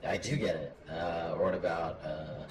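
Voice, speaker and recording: Deep-voiced playful man chatting. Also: steady tone, a little slow. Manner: playful, trades silly ideas. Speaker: co-host. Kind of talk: casual chat. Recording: echoey room with loud noise.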